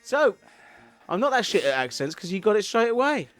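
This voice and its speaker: A man co-hosting a comedy podcast in casual banter, cheeky and mock-offended, firing back quick retorts. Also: sits high, big pitch swings, a bit bright, no echo, faint music behind. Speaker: podcast co-host.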